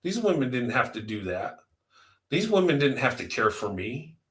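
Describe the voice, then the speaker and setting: A man's voice: medium pitch, sing-song, normal speed, fairly bright tone, echoey room. A man in his fifties giving a heartfelt vlog monologue, earnest and emphatic, building his points through repetition. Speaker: vlogger.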